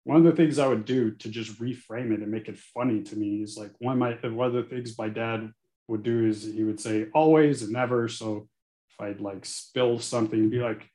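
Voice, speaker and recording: A man's voice: lowish voice, moderate pace. A man in his forties, a guest speaking frankly and earnestly in an interview. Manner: earnest, frank and animated, sometimes cursing. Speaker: guest, attorney. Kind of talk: candid podcast interview. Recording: echoey room.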